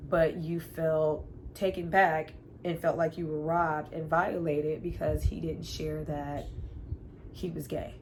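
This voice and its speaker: Slow-talking woman recapping a TV episode. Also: sits low, slight background noise, poor audio. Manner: animated retelling, acting out characters' lines, sighs and laughs. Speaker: TV review vlogger. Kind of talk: casual episode recap and commentary.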